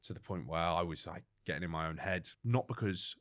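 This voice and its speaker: Fast-talking man, deep voice. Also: dry recording, clean studio sound. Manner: brisk, animated storytelling full of British slang and self-corrections. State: choked up at times. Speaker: guest, record-setting ocean rower. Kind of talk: storytelling in a podcast interview.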